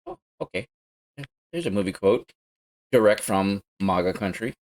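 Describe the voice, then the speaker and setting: A man giving casual live-stream commentary while playing a racing game, chatty and excitable, breaking into loud yelps and curses at crashes, talking from a home gaming setup. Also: fairly low pitch, normal speed, low-quality recording.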